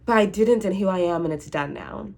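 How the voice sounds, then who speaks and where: A woman in her twenties, with a medium-pitched, darkish voice and a slightly fast pace, talks to camera as a vlogger. Her casual monologue is rambling and anxious, full of frank swearing and restarts.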